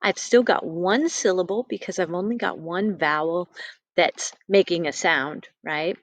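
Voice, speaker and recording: Lady teacher doing phonics for little kids, slow and patient, singsongy on the key words, dry close mic. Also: on the low side, no room sound. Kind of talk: phonics lesson for young children.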